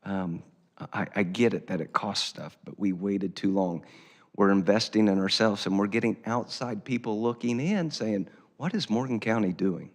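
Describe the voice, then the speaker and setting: A very deep-voiced man addresses a county council in a folksy, emphatic way, hammering his points through repetition. His voice rings with long reverb from the meeting hall. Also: normal speed. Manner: folksy, emphatic, repeats himself for effect. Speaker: county commissioner. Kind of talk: public meeting remarks.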